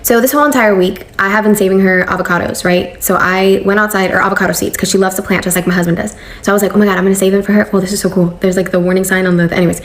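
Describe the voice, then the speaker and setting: Fast-talking young woman telling a story. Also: medium pitch. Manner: animated, slangy, acts out quoted lines. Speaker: storyteller recounting a family conflict. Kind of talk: casual storytime vlog.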